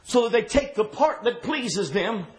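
A man preaching a sermon in an impassioned way, often shouting and then dropping low and quiet. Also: animated, a little slow.

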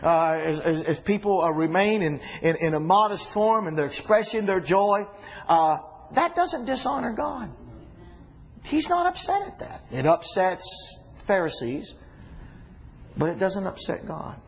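A man preaching a sermon to a congregation in a church, talking casually to the room and breaking into loud shouts. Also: high voice, a little slow, breathy edge. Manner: animated, shouting bursts and conversational asides to congregation.

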